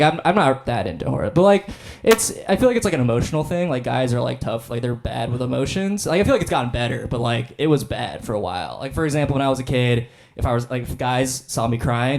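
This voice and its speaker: A young man doing stand-up comedy on stage for a live audience. His delivery is laid-back and self-deprecating, full of fillers. His voice sits at an ordinary middle pitch for a man. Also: vocal fry, darkish tone.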